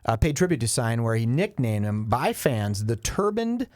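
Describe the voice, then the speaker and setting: A man's voice: medium pitch, normal speed, no echo, clean studio sound. A man co-hosting a podcast, telling jokes and stories in casual banter. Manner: joking, animated storyteller. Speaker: podcast co-host.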